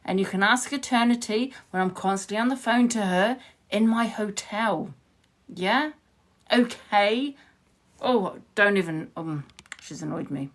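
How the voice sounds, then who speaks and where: A woman's voice: mid-range voice, unhurried. A woman livestreaming from her phone, heated and confrontational, swearing freely as she rants to her viewers. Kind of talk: ranting live stream to viewers.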